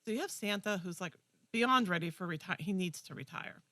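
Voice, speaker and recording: A young woman co-hosting a community TV talk show, retelling a movie with enthusiastic, animated chat. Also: fairly low pitch, fairly quick, dry recording. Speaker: co-host. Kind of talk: casual chat.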